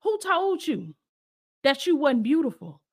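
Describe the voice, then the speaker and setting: A woman's voice: high voice, very animated, a little slow, heavily acted. A woman voicing God as a tender father, asking searching questions again and again. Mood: tenderly questioning.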